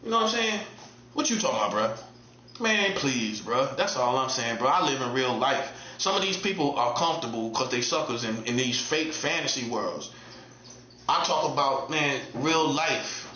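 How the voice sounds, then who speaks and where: A man's voice: a little high, bright, forceful tone, a little hiss or hum. A man giving a casual, emphatic monologue as an online preacher, repeating himself in street slang. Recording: echoey room, dull lo-fi sound.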